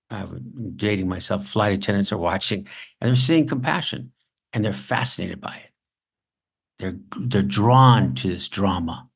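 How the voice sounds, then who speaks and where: Gravelly man teaching storytelling. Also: fairly low pitch. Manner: anecdotal, with dramatic pauses. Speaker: writing instructor. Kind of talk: masterclass storytelling lesson.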